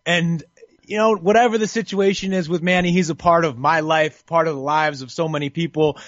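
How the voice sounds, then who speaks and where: A man's voice: on the high side, steady tone, a little fast, a bit bright, no echo, dull audio. A man from New York City co-hosting a casual boxing podcast, teasing and wry, earnest at times. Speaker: podcast co-host and boxing writer.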